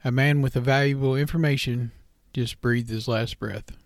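A man's voice: mid-range voice, steady tone, normal speed, no room sound, studio quality. A man narrating a story aloud in a plain, unpolished reading style with small stumbles.

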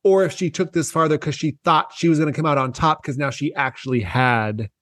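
A man's voice: a little high, fairly quick, fairly bright tone, dry recording, studio quality. A man co-hosting a casual gossip chat, animatedly acting out quotes in mocking voices. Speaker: podcast co-host.

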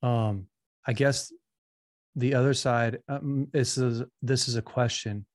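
Male podcast host, dry close sound, soft-spoken and thoughtful. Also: mid-range voice, fairly even intonation, slow, no room sound. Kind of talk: podcast conversation.

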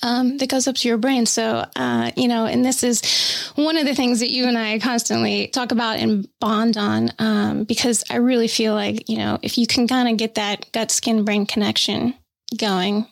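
A woman with a somewhat high, gravelly voice hosts the conversation, chatty and enthusiastic. Her voice sounds close and dry, with no room around it. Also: fairly even intonation, normal speed, no room sound. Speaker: interviewer host. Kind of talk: podcast interview.

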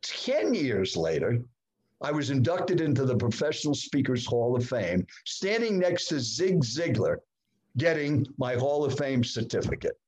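A man in his seventies, a guest in a podcast interview, telling a personal story with dramatic swings in pitch. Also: big pitch swings, unhurried, darkish tone. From United States. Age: 70s. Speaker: guest speaker.

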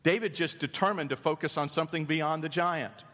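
A man preaching a sermon as a pastor, animated and storytelling, dropping to hushed tones and rising again. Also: a little high, a little fast. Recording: long hall reverb.

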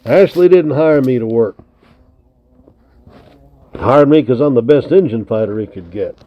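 A man's voice: mid-range voice, measured pace, natural voice. A man reading the part of a surly, boastful mountain-man fighter in a storybook, with a sneering, defiant manner. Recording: tinny narrow lo-fi recording.

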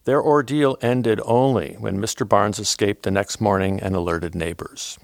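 Man, low pitch, gravelly fry, dry close sound, measured scripted podcast narration. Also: no echo. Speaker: podcast host.

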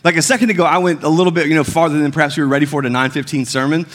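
A man's voice: fairly high pitch, steady tone, racing, fairly bright tone. A man preaching a sermon in a casual, conversational way, acting out the voices of the story as he goes. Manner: conversational, acts out biblical dialogue with shifting tones. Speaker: pastor.

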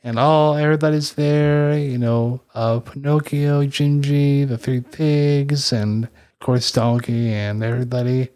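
Man co-host, casual chat, easygoing recaps; mid pitch, dry. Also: fairly even intonation, unhurried, darkish tone, smooth, dry recording. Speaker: podcast co-host.

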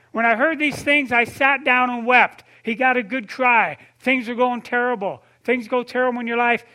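High, bright-voiced man preaching conversationally. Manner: conversational preaching, addresses listeners by name, asks questions; drops to a soft low voice for tender points. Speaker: pastor. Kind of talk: sermon.

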